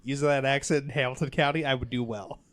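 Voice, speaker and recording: A man's voice: medium pitch, steady tone, quick pace, fairly bright tone. A man hosting a podcast in casual chat, rambling with lots of fillers. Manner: rambling, lots of "like" and "you know". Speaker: podcast host.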